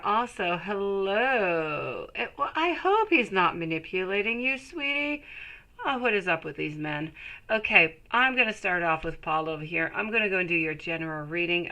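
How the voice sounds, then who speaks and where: Tarot reader, woman, lowish bright voice, chatty live-stream manner, calls viewers sweetie. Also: rough recording. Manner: greets viewers while reading cards.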